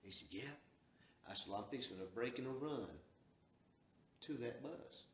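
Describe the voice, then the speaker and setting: Folksy Southern male storyteller, mid-pitched, recorded in a roomy space. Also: animated, normal speed, a little hiss or hum. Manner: folksy, drawling, acts out quoted dialogue. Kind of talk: casual storytelling. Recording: echoey room.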